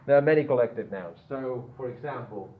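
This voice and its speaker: A man teaching an English grammar lesson, slowly repeating words for pronunciation drills and checking in with "yeah?". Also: medium pitch, slight background noise. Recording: tinny phone-like line in an echoey room.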